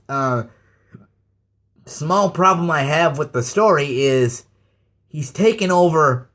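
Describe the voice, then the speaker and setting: A man with a fairly high voice delivers a casual rant to his viewers. He talks slowly, stopping and stammering, his words full of fillers and restarts. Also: fairly bright tone. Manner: slow, halting, with many fillers and stammers. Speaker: YouTube ranter.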